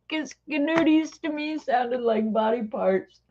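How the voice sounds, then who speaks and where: This woman's voice sits fairly high and sounds a little mellow, animated yet slow-paced. She chats her way through rambling stories while coloring for a craft video, laughing a lot, captured on a dull lo-fi recording.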